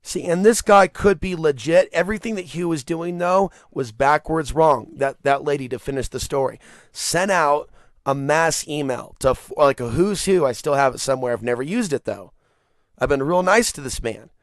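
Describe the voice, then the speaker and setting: A male podcast host delivering a rambling, animated solo rant, swearing freely and breaking into laughter. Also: on the high side, moderate pace, no echo, clean studio sound. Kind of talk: casual monologue rant.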